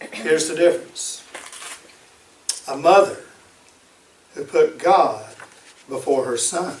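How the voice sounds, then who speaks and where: A man preaches a sermon in a fairly high voice and drives points home by repeating them. He sounds set back from the mic in an echoey room. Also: distant mic. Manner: emphatic, repeats key phrases.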